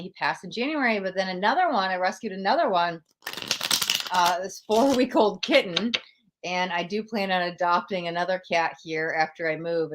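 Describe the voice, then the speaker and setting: A woman's voice: fairly low pitch, heavy background noise. Emotional woman giving live tarot readings. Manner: emotional, gushing, talks straight to viewers.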